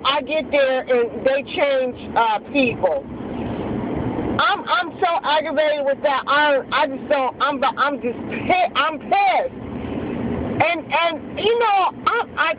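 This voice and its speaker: A woman ranting into a phone camera in a fired-up vlog, swearing often and stumbling over restarts. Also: high voice. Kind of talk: angry vlog rant. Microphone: phone camera held close. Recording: lo-fi phone audio, vehicle noise.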